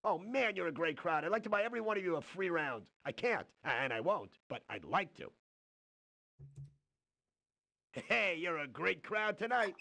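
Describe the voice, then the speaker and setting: A brash, corny stand-up comic. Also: male voice, sits high, sing-song, fairly quick, vocal fry, few pauses, sharp tone, no echo, full character voice. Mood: hammy. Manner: brash, hammy joke delivery. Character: cheesy stand-up comedian man, brash and corny. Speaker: game's recorded comedian. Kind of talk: 1990s CD-ROM stand-up comedy routine.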